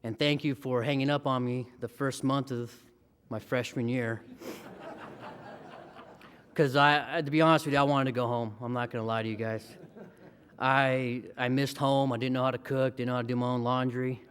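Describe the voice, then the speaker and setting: A man's voice: medium pitch, fairly even intonation, brisk, fairly bright tone. A man in his thirties giving a heartfelt, emotional acceptance speech as a hall of fame inductee.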